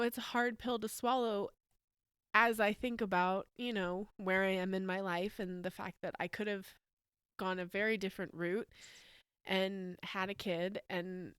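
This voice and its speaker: This is a thirty-something American woman hosting a podcast, her mid-range voice smooth and slightly bright in a dry, studio-quality recording. She recounts something personal with open emotion, meandering and peppering it with fillers and laughs.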